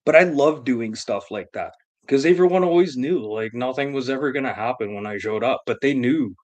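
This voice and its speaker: A man's voice: mid-range voice, brisk, a little mellow. A man hosting a live stream who tells a long comedic story in a rambling, profane, emphatic way.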